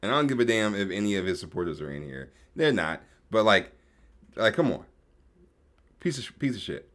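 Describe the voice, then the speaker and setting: A man's voice: fairly low pitch, big pitch swings, a little fast, fairly bright tone. A man reacting to a clip in casual chat, slangy and swearing, laughing often. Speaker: streamer co-reacting.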